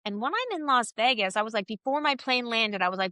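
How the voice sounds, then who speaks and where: A woman's voice: on the high side, fast, hardly any pauses, no echo, clean studio sound. A woman in her thirties talking openly and emphatically as a podcast guest in a candid interview. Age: 30s. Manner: open and emphatic, animated with swearing.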